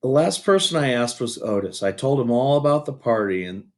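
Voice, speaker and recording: Brief: teacher reading chapters aloud, gravelly, lively asides. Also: male voice, medium pitch, brisk. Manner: animated, asides to listeners. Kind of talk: reading a children's novel aloud.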